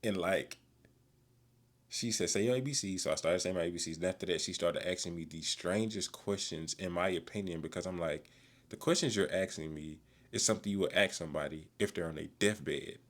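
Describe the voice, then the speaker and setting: A man's voice: low voice, fairly even intonation, a little fast. A man casually telling a story about himself, slangy and full of swearing, recording himself on a phone in a car. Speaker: vlogger.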